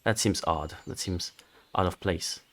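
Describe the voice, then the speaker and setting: A man narrating a tabletop game as game master, relaxed and halting with fillers. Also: low voice, a little hiss or hum.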